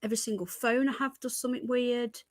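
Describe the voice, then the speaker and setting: A woman's voice: a little high, fairly even intonation, quick pace, no echo. Chatty British woman hosting a livestream. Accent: British English. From Britain. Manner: chatty, rambling, greets viewers mid-sentence. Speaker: livestream host. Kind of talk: casual livestream chat reading news.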